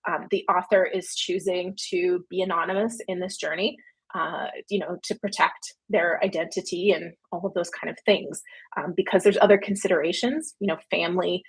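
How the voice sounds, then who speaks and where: Chatty husky Canadian woman. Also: on the low side, steady tone, normal speed. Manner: chatty and rambling, frequent fillers and laughs. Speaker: publishing company founder hosting a livestream. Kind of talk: casual livestream Q&A.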